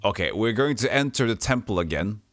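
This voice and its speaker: A man's voice: lowish voice, expressive, brisk, a bit bright, no echo. A young man streaming a retro role-play game, chatting casually with wry, self-mocking remarks and reading the story aloud.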